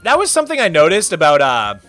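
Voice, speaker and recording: Young man, casual live-stream chat, high lively voice, bright tone, playful ranting. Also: faint music behind. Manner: animated, ranting, quick to exaggerate.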